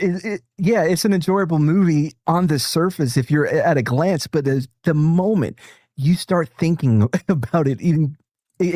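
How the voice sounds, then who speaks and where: With a slightly high, slightly mellow voice, this man is recorded dry and clean in a studio. He streams while reacting to a video with friends, keeping it a casual, rambling chat full of jokes and frequent chuckles.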